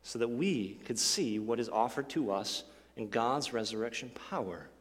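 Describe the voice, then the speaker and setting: A man preaching a sermon as pastor, asking the congregation rhetorical questions and swinging from forceful lines to hushed ones. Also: mid-range voice, moderate pace, in a large hall. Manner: expressive preaching with rhetorical questions, sudden drops to near-quiet.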